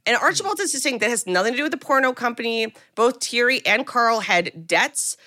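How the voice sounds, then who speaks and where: Bright, lively woman podcast host. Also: a little high, a little fast, dry recording, clean studio sound. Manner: animated retelling, acting out quotes in lively voices. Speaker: podcast co-host recapping a film. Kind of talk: casual chat.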